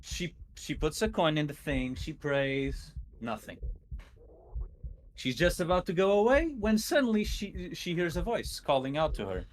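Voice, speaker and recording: A man's voice: on the high side, sing-song, a little slow, a little hiss or hum, low-quality recording. Nervous stuttering man telling a story. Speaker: guest storyteller. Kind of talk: casual spooky storytelling.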